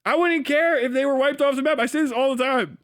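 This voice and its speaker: A man's voice: very high-pitched, quick pace, fairly bright tone. A man hosting a livestream, ranting heatedly and profanely, mocking and breaking into laughs. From United States. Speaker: livestream host.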